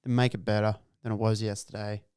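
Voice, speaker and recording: A man's voice: lowish voice, little pitch movement, fast talker, a little mellow, smooth, dry recording, studio quality. A man, co-hosting a podcast and telling stories in a laid-back, swearing, casual way. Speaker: podcast co-host. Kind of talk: casual chat.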